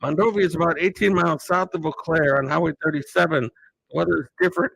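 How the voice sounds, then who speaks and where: Bright gravelly-voiced male streamer. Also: a little high, fast, no echo, poor audio. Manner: rambling and relaxed, chatting to viewers. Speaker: live streamer. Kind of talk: casual live-stream chat.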